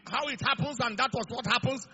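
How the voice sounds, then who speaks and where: A middle-aged man preaching a sermon, building up to shouted declarations. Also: very high-pitched, fairly quick, lo-fi sound, slight background noise. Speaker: pastor.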